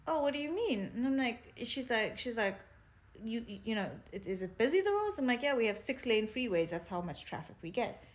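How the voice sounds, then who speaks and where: A South African woman in her thirties, casually telling stories to her phone camera and acting out other people's lines. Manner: animated, acts out other people's lines in higher voices. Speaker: vlogger.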